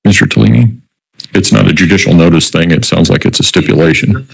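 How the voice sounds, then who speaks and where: A man's voice: low voice, fast, vocal fry, slightly rough, low-quality recording. A man presiding as judge, giving brief, directive instructions in a courtroom.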